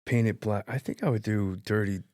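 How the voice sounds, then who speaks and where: A man's voice: lowish voice, steady tone, brisk, darkish tone, dry recording, clean studio sound. A middle-aged man hosting a podcast interview, chatty and joking as he steers the talk with questions. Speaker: podcast host. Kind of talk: casual interview chat.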